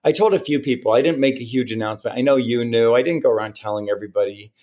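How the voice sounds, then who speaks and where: A man's voice: mid-range voice, fast talker. A man co-hosting a podcast, telling a story in casual chat and acting out what other people said. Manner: animated storyteller who acts out other people's words. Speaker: podcast co-host.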